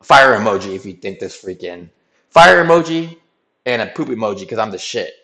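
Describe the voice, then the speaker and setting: A man's voice: fairly low pitch, fast. Slangy man telling a story with lots of "right?". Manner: animated, slangy, keeps asking "right?". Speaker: streamer. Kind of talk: casual storytelling recap.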